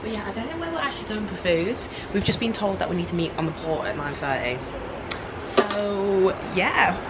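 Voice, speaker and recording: A young woman vlogging to camera in a chatty, excitable way, full of "like" fillers. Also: mid-range voice, brisk, very noisy. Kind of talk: casual vlog chat to camera.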